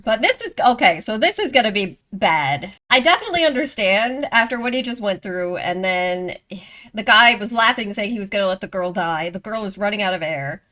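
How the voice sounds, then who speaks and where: A woman's voice: medium pitch, expressive, brisk, sharp tone. Chatty woman reacting to a movie. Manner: chatty, exclaiming, thinking aloud. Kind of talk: casual reaction commentary.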